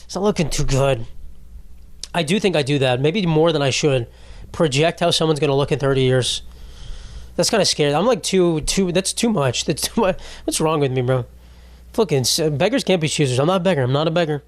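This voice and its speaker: A young man in his twenties rambles through a casual solo podcast, swearing freely and tacking "bro" onto his jokes. His voice sits a little high. The sound is close and dry, with no room around it. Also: fairly quick, no echo. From United States. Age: 20s. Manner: rambling, profane, jokey, trailing off with "bro" and "dude". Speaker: podcast host.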